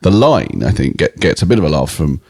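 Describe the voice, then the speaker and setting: Speaking quickly in a sing-song bass, this middle-aged British comedian has a gravelly, darkish, slightly rough tone. As a guest in a laid-back interview he tells meandering stories, breaking off and starting over again and again, recorded at studio quality with no room sound.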